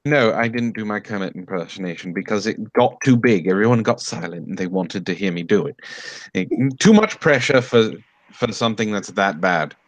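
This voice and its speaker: Animated man with a lively swinging voice. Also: fairly low pitch, moderate pace, no echo. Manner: animated, swearing freely. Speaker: stream co-host. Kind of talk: casual chat.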